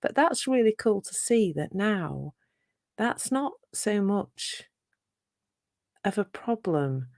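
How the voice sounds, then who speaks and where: A woman's voice: mid-range voice, big pitch swings, slow, long pauses, darkish tone, no room sound, clean studio sound. A woman teaching on a live talk, chatty and playful, with rhetorical asides to her listeners. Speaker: self-compassion teacher.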